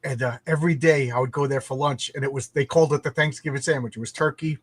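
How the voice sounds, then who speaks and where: A man's voice: mid-range voice, steady tone, fast, slightly rough, no echo. A man from New York hosting a casual livestream chat, rambling and chatty, often stuttering and repeating his words. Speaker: livestream host.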